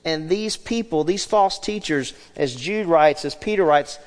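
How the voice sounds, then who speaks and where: Animated preacher in a reverberant hall. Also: male voice, on the high side, unhurried. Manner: animated preaching, swinging from loud to hushed. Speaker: pastor. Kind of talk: sermon.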